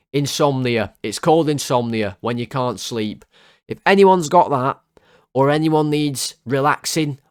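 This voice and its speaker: A man rants through player ratings in sarcastic, exasperated bursts, spinning out comic exaggerations. His mid-pitched voice is starting to go hoarse and sits close and dry, with no room around it. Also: dry recording. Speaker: football fan channel host.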